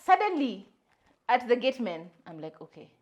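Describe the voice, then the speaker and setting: A young woman tells a story in casual podcast chat. Her voice sits in a middle pitch, and she acts out what people said as she talks. She slips in and out of Swahili phrases as the story builds. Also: expressive, brisk. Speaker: podcast co-host.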